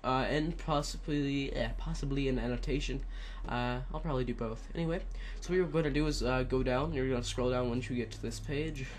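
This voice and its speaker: Man, casual tutorial narration, headset mic, rambling with fillers, medium pitch, faint background hiss. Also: a little fast, few pauses. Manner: rambling, many fillers and self-corrections. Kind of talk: casual screen-recorded tutorial.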